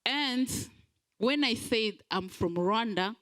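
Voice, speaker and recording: Woman from belgium giving an event speech, kinda high voice, earnest, lots of pauses. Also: animated, a bit bright, low-quality recording. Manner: earnest, halting with frequent pauses. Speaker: guest speaker.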